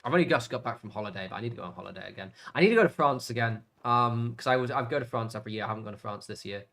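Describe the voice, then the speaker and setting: A man's voice: mid-range voice, rapid-fire, gravelly, fairly bright tone. A young English man streaming a game, chatting casually in a rambling way with lots of fillers and the odd swear word. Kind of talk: casual chat while gaming.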